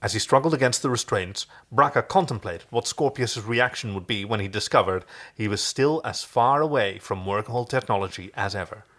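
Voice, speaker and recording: A man's voice: fairly low pitch, a little fast. A man co-hosting a podcast, reading a story aloud casually and breaking off to joke. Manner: lively, jokey, voices the characters. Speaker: podcast co-host and reader.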